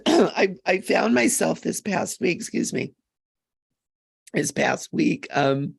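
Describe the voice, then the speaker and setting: Gravelly-voiced woman, earnest and chatty. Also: fairly low pitch, animated, no echo. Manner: earnest and emphatic, chatty with quick asides. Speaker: psychic medium. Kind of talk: live-stream chat.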